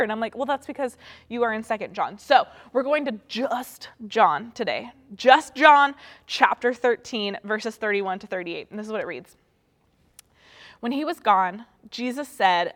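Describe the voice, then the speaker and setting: A young woman giving a casual, chatty Bible teaching with animated storytelling and playful asides. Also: medium pitch, long reverb tail.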